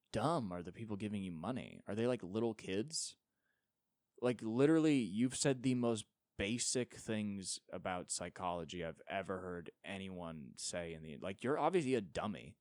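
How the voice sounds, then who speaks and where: A man's voice: low voice, darkish tone, no echo, clean studio sound. A young man hosting a solo podcast, ranting with sarcasm and profanity and mocking others in put-on voices. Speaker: podcast host.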